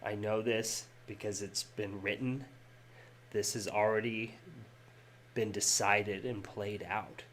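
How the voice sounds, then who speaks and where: A man voicing a mysterious male guide who speaks softly and haltingly, apologizing for fate he cannot change. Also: fairly low pitch, fairly even intonation, slight background noise. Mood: sorrowful.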